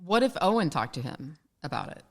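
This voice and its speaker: A woman's voice: deep voice, sing-song, a little fast. A middle-aged woman co-hosting a podcast, chatting candidly and casually. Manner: candid, conversational, frequent "like". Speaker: podcast co-host. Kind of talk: casual chat.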